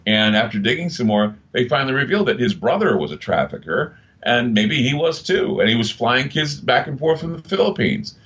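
A man's voice: medium pitch, big pitch swings, a little fast, hardly any pauses, fairly bright tone. A man in his fifties, a radio broadcaster, telling stories in a rambling, emphatic way during an interview. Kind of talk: casual interview talk. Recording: dull lo-fi sound.

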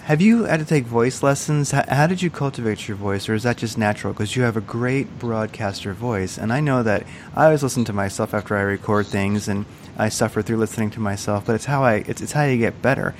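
A man's voice: on the low side, fairly quick, few pauses, slight background noise. A man hosting an interview, asking friendly, hesitant questions with many fillers. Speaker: podcast interviewer host. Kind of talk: casual interview.

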